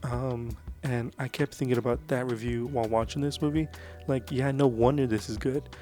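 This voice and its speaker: A man's voice: mid-range voice, steady tone, normal speed, dark tone, soft background music. A man talking casually about films he watched, loose and rambling with plenty of fillers and real enthusiasm. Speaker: vlogger reviewing movies. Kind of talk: casual movie review chat.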